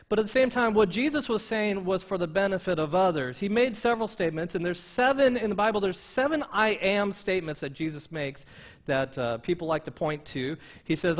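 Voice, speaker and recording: A man preaching a sermon as pastor, emphatic and slowing down to stress quoted lines, often repeating words as he restarts. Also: high voice.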